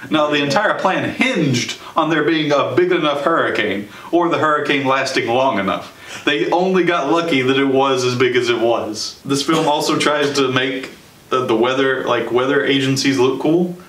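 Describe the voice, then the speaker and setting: Young male host, sarcastic casual reviewer, mid pitch, distant echoey mic. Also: a bit bright. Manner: sarcastic, chatty, quick asides with laughs. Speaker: show host and movie reviewer. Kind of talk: casual spoken movie review. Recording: roomy sound from a distance.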